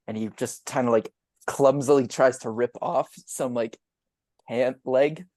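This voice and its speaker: A man's voice: mid-range voice, level tone, normal speed, a little mellow, no room sound. A man playing a tabletop game, dramatically narrating his character's heroic actions with laughs and restarts. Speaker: player.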